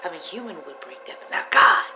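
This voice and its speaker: A woman telling a rambling personal story in a casual vlog, animated and profane, laughing often. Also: fairly low pitch, a little fast, background noise. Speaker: vlogger. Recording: roomy echo.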